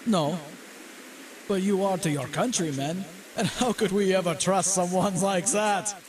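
A man's voice: sits high, a little slow, a little hiss or hum, pitched above the performer's own voice. A man voicing a cold, mocking German U-boat captain who laughs at a traitor, with music playing underneath. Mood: taunting. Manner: taunting, cold.

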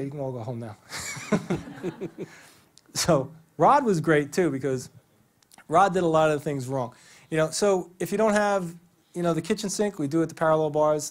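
A man presenting a physical therapy training to an audience in a theater, conversational and enthusiastic, telling stories with quoted dialogue. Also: a little high. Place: theater stage.

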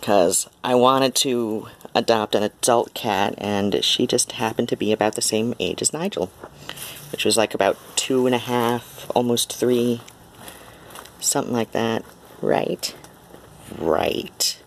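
A man at home filming his cats, talking to them in a soft sing-song baby talk. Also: mid-range voice, measured pace, vocal fry, a little hiss or hum. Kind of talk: casual cooing talk to pets. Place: home indoors. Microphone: handheld camera.

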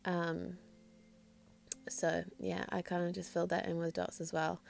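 A woman's voice: fairly low pitch, little pitch movement, a little slow, vocal fry. A woman whose accent drifts between New Zealand and English, talking through her nail art in a rambling, hesitant, self-deprecating voice-over. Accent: mix of New Zealand and English. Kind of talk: casual voice-over tutorial.

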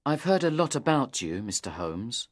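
A nervous young man in his twenties pleads for help, as a man voices him in a read-aloud story. His pitch swings in an animated way, and the recording is dry and close. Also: normal speed, no room sound. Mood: anxious. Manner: anxious and pleading. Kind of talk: audiobook character reading.

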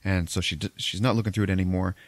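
A man's voice: low voice, steady tone, fast talker, no room sound. A man casually retelling a film's plot on a podcast, loose and profane, acting out characters' lines as he goes. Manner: profane, rambling retelling with acted-out quotes. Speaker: podcast host recapping a film. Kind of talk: casual movie recap chat.

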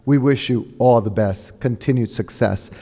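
A man's voice: medium pitch, moderate pace, mellow. A man making courteous, formal announcements as the presenter at a graduation ceremony in a large venue. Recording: long hall reverb.

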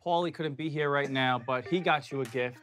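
A man's voice: medium pitch, brisk, fairly bright tone, soft background music. A man on a reality show, joking and teasing while handing out a gift. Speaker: reality show cast member. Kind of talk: casual chat.

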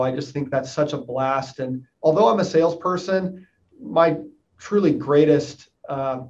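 A man's voice: on the high side, darkish tone, muffled recording. Upbeat chatty man from Tennessee. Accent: light Southern US, mostly neutral. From East Tennessee, US. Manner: upbeat, chatty, frequent fillers. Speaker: interviewed club member, insurance salesman. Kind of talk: casual interview answers.

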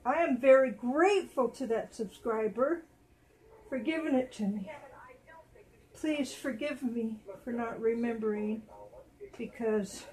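A woman hosting a casual vlog at home, talking to viewers and cooing softly to her dolls. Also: fairly high pitch, unhurried, long pauses. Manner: doting, soft baby talk to her dolls. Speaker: doll channel host.

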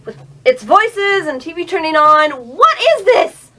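A nervous young tenant who reads his game lines flatly, as a woman voices him. The voice sits high and light, with no real disguise. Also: a little slow, exaggerated voice. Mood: uneasy. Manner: reading game dialogue flatly.

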